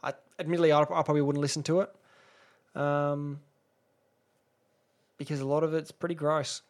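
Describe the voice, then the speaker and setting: A man's voice: on the high side, level tone, normal speed. A young Australian man hosting a solo podcast, rambling and sarcastic, swearing freely and restarting his sentences. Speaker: podcast host. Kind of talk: casual solo podcast rant.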